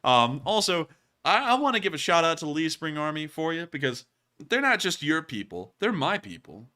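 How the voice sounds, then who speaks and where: Bright, clear-voiced male livestream host. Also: on the high side, very animated, moderate pace. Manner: rambling, chuckling, many fillers. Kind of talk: casual livestream chat.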